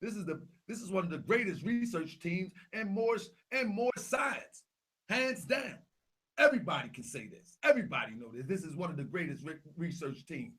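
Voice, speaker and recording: A young man with a high, bright voice hosts a loose, casual vlog. He keeps repeating himself as he walks through photos, and he turns loud and animated whenever he gets excited. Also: normal speed, slightly rough. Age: young adult. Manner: repetitive, animated, talks louder as he gets worked up. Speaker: Grand Sheik and channel host.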